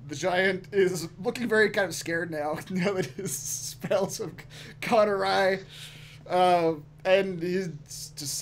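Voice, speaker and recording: A man's voice: sits high, fairly even intonation, slow. A man running a tabletop game online as game master, loose and chuckling, with many ums.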